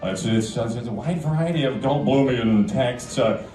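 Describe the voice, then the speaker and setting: A man doing an impression of a halting, flattering older gentleman on a talk show, stammering and drawing out his words. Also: mid-range voice, roomy sound, close to an everyday voice. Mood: smitten. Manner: stammering, drawn-out, flirtatious.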